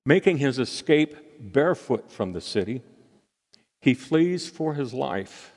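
A male pastor delivers an earnest, unhurried sermon, letting his phrases settle between pauses. His mid-pitched voice has a gravelly edge. The sound rings with the long reverb of a church hall. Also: expressive, a little mellow.

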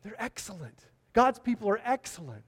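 A man with a high voice preaching a sermon in an earnest manner. He leans on repeated phrases for emphasis. The sound rings with the long echo of a hall. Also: sing-song, normal speed, fairly bright tone, breathy edge.

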